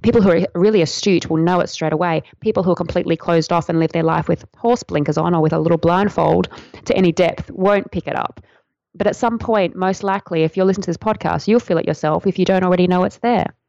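A woman talking as a podcast guest, explaining tantra in a flowing, earnest, gently instructive way. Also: fairly low pitch, fast talker, vocal fry, dry recording. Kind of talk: podcast interview answer. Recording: dry, dull lo-fi sound.

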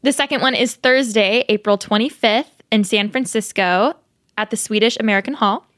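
A young woman in her twenties co-hosting a podcast in a small room, chatting casually in a bubbly, excitable way and laughing often. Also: a little high, normal speed, no room sound, studio quality. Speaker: podcast co-host. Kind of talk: casual chat.

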